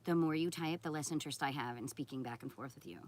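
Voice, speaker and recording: A woman's voice: deep voice, fast talker, darkish tone. A woman live streaming who answers viewer chat in a blunt, scolding, sarcastic way. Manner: sarcastic and confrontational. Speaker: content creator on a live stream.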